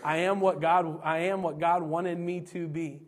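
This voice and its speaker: A man's voice: fairly high pitch, steady tone, measured pace. A man from Pennsylvania preaching a sermon as pastor, earnest and repetitive, with chatty asides. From Pennsylvania, USA. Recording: long hall reverb.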